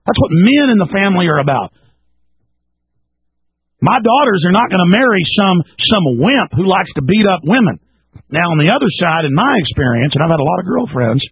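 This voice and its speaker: Ranting husky talk radio man. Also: high-pitched, no echo, phone-quality sound. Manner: ranting, emphatic. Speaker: radio talk show host. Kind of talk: talk radio monologue to a caller.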